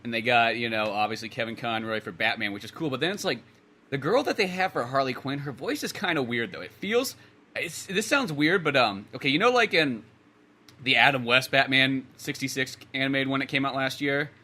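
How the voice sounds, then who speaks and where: Chatting casually about a film as a podcast co-host, a man rambles through his opinions, frequently trailing off and restarting. His medium-pitched voice is animated, pushed and bright, and he talks a little fast.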